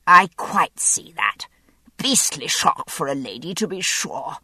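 A pompous old admiral as a woman puts him on fusses and frets in a querulous voice. He lapses into hoarse whispers. The reading sits low and the sound is dry and close. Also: big pitch swings, unhurried, a bit bright, no room sound, heavily acted. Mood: fussy. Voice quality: high, querulous. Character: older male admiral, querulous and fussy. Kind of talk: audiobook character voice.

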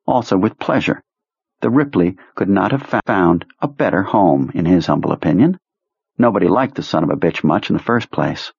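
A man reading a novel aloud in steady, measured audiobook narration. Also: low voice, gravelly, breathy edge, dry recording. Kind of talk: scripted narration. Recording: dull lo-fi dry sound.

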